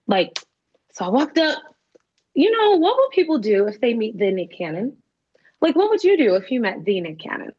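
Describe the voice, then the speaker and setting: Animated young woman, lo-fi recording. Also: mid-range voice, moderate pace, breathy edge. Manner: animated, acts out quoted voices. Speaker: guest. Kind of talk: storytelling in an interview. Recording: dull lo-fi recording.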